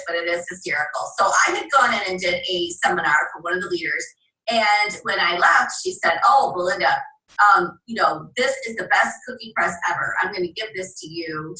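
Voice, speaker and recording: A bright, forceful woman coaching a group on selling, her delivery animated as she acts out little quoted exchanges. She sounds a little off-mic in a roomy, echoing space. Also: mid-range voice. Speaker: direct sales trainer. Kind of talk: training seminar talk. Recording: echoey room, voice a bit far from the mic.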